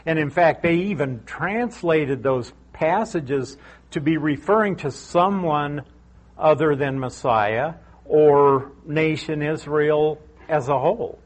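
A man's voice: a little high, slow pace. A middle-aged man teaching through a Bible passage verse by verse, speaking conversationally and repeating key points for emphasis.

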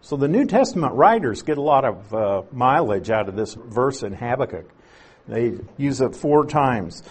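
A Bible teacher works through scripture in an expository sermon, patiently explaining and leaning on key words to press his points. His mid-range voice is sing-song and slightly rough, at a normal speed.

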